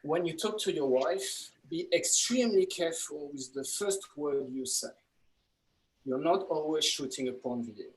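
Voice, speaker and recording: A man from France with a French accent doing a self-deprecating, halting stand-up set over a video call. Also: a little high, animated, low-quality recording. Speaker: comedy workshop student. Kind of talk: stand-up comedy.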